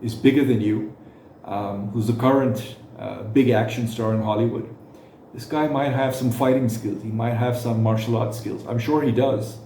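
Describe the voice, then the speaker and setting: A man giving reaction commentary, speaking haltingly with frequent fillers and restarts. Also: mid-range voice, steady tone, mellow, roomy sound, slight background noise.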